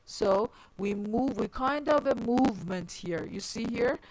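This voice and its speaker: A woman's voice: fairly high pitch, lively intonation, darkish tone, no echo, low-quality recording. Dry, close woman lecturing on grammar. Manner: rephrases often with "I mean", deliberate and explanatory. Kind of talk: explanatory lecture.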